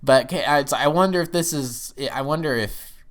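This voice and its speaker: Smooth-voiced rambling man reviewing TV. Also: moderate pace. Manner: rambling, with sudden excited jumps in pitch. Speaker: TV episode reviewer. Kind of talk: casual solo review.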